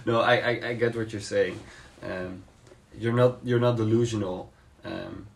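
Low-voiced man musing hesitantly. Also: gravelly, slight background noise. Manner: thoughtful, hesitant, many fillers and restarts. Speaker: podcast co-host. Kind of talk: casual debate.

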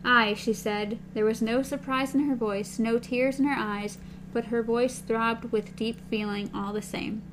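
A woman reading a novel aloud with a partner, giving the characters' lines in a soft, slow voice. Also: fairly high pitch, fairly even intonation, noisy background. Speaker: reader.

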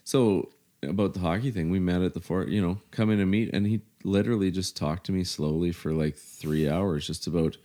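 A middle-aged man from Canada, telling his story in casual, halting conversation, full of "you know" fillers. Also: low voice, warm tone.

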